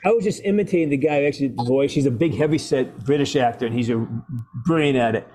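A man who works as an actor, talking in a casual interview in a rambling, halting way with frequent laughter. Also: mid-range voice, dark tone. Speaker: actor guest.

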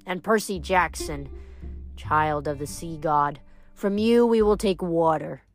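A woman's voice: low-pitched, takes it slowly, faint music behind. Woman doing a vengeful ancient water nymph. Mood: menacing.

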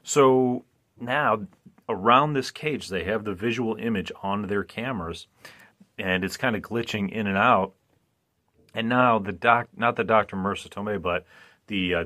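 A fairly low, slightly bright male voice at a normal pace belongs to a podcast host. He recaps a movie casually and rambles, frequently starting over and asking listeners "right?"

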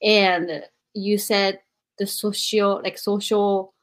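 Slow, hesitant woman hosting an interview. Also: mid-range voice, flat delivery. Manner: hesitant, polite, with fillers. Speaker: podcast host, interviewer. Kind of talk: interview questions.

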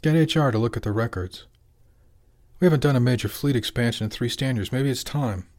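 A man's voice: mid-range voice, fairly quick, a little mellow, lightly acted. A man voicing a jolly, determined middle-aged fishing boss who talks plainly and persuasively.

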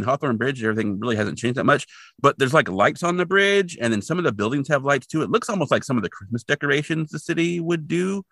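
A man's voice: medium pitch, a bit bright, no echo, clean studio sound. A man co-hosting a podcast, retelling a TV episode in casual, rambling chat with lots of fillers. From Portland, Oregon resident since 2003. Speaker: podcast co-host.

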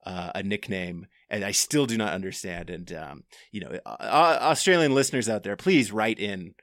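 A man's voice: lowish voice, animated, moderate pace, fairly bright tone, no echo, clean studio sound. A man hosting a podcast from his home office, talking in a loose, rambling way. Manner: loose and rambling, with many fillers. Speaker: podcast host. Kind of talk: casual podcast chat.

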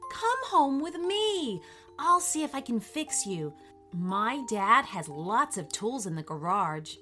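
A woman voicing a clever, excited little boy in a storybook reading. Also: on the high side, takes it slowly, soft background music, full character voice. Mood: eager.

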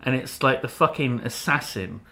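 A man's voice: mid-range voice, expressive, gravelly, sharp tone. A man co-hosting a casual chat, joking around and swearing freely. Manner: joking, profane, quick to laugh.

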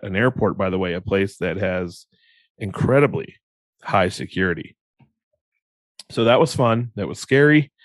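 A young man from Iowa hosting a solo podcast, telling a rambling, animated story full of restarts and acted-out quotes. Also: lowish voice, no room sound. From Iowa, USA. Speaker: podcast host.

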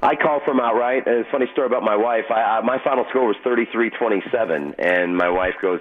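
A low-voiced man talks quickly and boastfully as a betting guest on a radio show. His voice comes through a thin, tinny phone line. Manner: boastful, fast storytelling. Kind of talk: casual radio interview. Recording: phone-line call-in audio.

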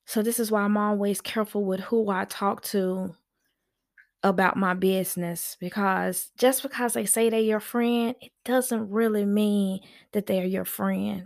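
A woman's voice: medium pitch, fairly even intonation. A woman hosting a podcast, giving frank, chatty advice. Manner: frank, chatty, slow and emphatic. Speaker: podcast host. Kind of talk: casual advice monologue.

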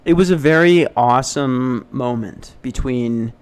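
A young American man hosting a casual solo podcast, rambling and self-deprecating as he tells stories, now and then jumping into high mock voices. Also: unhurried, clean tone. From United States. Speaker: podcast host. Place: hotel front desk.

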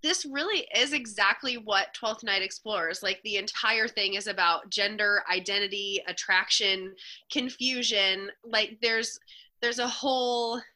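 A woman's voice: medium pitch, bright, forceful tone. A woman co-hosting a podcast, making earnest points in casual chat, leaning on "like". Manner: earnest, leans on "like", talks quickly when hedging. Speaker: podcast co-host. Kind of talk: casual film discussion.

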